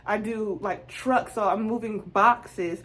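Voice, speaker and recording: A young woman vlogger telling a casual storytime, animated and acting out both sides of her conversations. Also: mid-range voice, slow pace.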